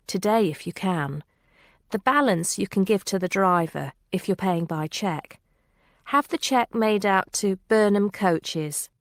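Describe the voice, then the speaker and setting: A businesslike coach-company clerk, played by a woman, explains payment terms helpfully in a scripted exam dialogue. Her voice sits at a middle pitch and the recording is dry and close. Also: dry recording, lightly acted.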